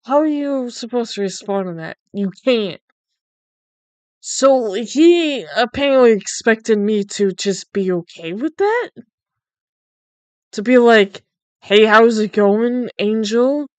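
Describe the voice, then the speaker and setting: A woman's voice: a little high, animated, slow pace, pauses often, darkish tone, dry recording. A young woman livestreamer chatting casually, incredulous and swearing freely. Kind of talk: casual chat while drawing.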